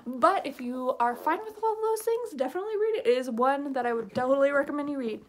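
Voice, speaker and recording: A woman's voice: high-pitched, animated, fast talker, few pauses. A woman chatting casually in a book review vlog, gushing and rambling with lots of fillers.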